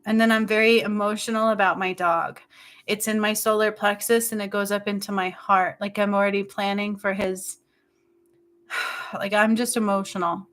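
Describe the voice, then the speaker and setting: A woman giving an intuitive healing session, talking slowly and haltingly with many fillers, in a soft, emotional and intimate way. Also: medium pitch, little pitch movement. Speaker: spiritual healer.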